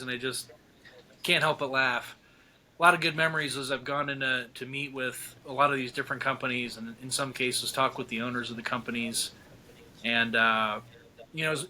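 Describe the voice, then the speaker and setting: Bright-voiced man telling lively stories. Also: medium pitch. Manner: animated, laughs often, acts out quotes. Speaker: podcast guest. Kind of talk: casual storytelling chat.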